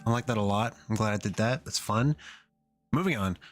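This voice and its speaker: Man, low voice, hesitant self-talk, composing on a stream, soft music underneath. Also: fairly quick. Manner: muttering, hesitant, talks to himself. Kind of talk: casual thinking aloud while composing. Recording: music playing faintly behind.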